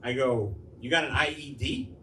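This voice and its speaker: A man's voice: mid-range voice, moderate pace, sharp tone, slight background noise. A man doing a crude stand-up comedy set in a club, rambling loosely and acting out quotes. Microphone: handheld stage mic, recorded from the room. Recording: echoey club recording from far off.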